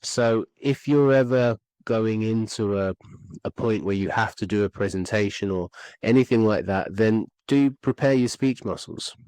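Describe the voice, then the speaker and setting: Male speaking coach, earnest, repeats key points, lowish voice. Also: normal speed, darkish tone, no echo, low-quality recording. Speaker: communication skills coach. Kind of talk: instructional podcast talk.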